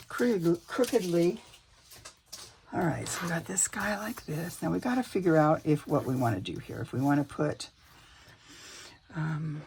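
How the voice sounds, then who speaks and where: A woman's voice: low-pitched, lively intonation, moderate pace, pauses often, a little mellow. Woman chatting at her craft table at home, slips into whispers, faint hiss behind her. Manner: chatty, talks to herself, drops into whispers. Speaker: crafting vlogger. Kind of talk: casual crafting chat.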